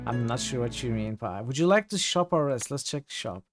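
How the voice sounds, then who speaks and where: A man's voice: mid-range voice, lively intonation, fairly quick, over music. A man with a Turkish accent, a native Turkish speaker, chatting casually while he streams a game, thinking aloud and reading chat with lots of fillers. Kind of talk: casual gameplay commentary.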